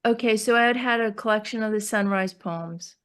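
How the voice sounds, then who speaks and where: Halting New York woman poet. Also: mid-range voice, fairly bright tone, clear, resonant tone. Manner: halting, searching for words with many restarts. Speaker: poet discussing her new book. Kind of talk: casual conversational interview.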